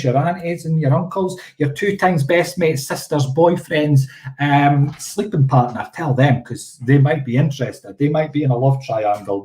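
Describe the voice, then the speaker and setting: A man's voice: on the high side, darkish tone, echoey room. A man working as a psychic medium, giving chatty, playful live-stream readings and often checking in with "okay?".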